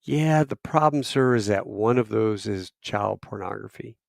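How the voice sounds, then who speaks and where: Man doing a serious male agent, quiet and formal, low and soft, gravelly. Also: moderate pace, no room sound, studio quality.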